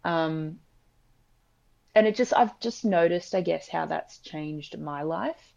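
A woman's voice: on the low side, slow, creaky, darkish tone, lo-fi sound. A young woman who works as an emergency nurse, chatting casually and filling her talk with likes and ums. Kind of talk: casual podcast chat.

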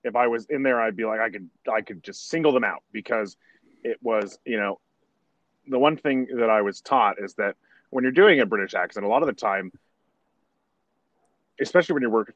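A man's voice: fairly low pitch, a little fast, fairly bright tone, dry recording. Man on a muffled line. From United States. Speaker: guest actor. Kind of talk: casual podcast conversation.

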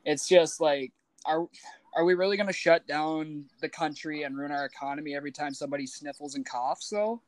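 A man's voice: on the high side, brisk, no room sound. A man co-hosting a casual podcast chat, blunt and opinionated. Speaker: podcast co-host.

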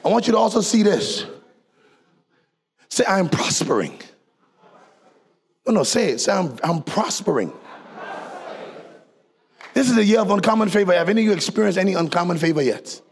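A man with a high, gravelly and husky voice preaching in church. He leads the congregation in call and response. His delivery swings from quiet, low asides to shouted, sung climaxes. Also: lively intonation, normal speed, pauses often. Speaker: pastor. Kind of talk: preaching sermon.

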